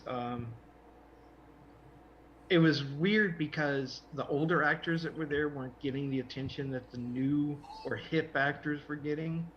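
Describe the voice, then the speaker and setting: A man's voice: mid-range voice, fairly bright tone, slight background noise. Man rambling through con stories, lo-fi. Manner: rambling, searches for names. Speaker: podcast host. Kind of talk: casual storytelling chat.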